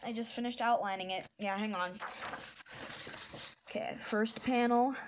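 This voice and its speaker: A woman's voice: fairly high pitch, fairly even intonation, measured pace, noisy background. Chatty woman narrating while she draws. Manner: chatty and rambling, with many restarts. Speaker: artist drawing a fan comic. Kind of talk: casual commentary while drawing.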